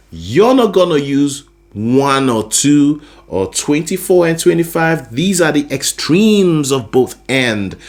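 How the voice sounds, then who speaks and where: A man teaching a singing lesson, explaining vocal registers patiently and often checking that the listener is following. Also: a little high. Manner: explains patiently, often checking in with "you see what I'm saying?". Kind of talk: vocal lesson with sung demonstrations.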